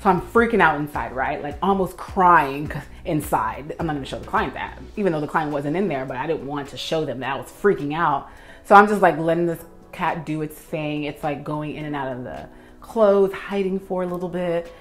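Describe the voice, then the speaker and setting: A young woman, a professional organizer, telling an animated story in a vlog while she tidies, acting out her own past reactions. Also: sits low, moderate pace, soft background music.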